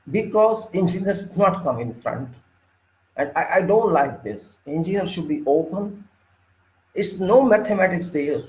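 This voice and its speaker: Indignant Indian-accented man lecturing. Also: darkish tone. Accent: Indian English. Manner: emphatic, indignant, swings sharply up in pitch. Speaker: engineering consultant lecturing. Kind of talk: informal lecture. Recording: echoey room.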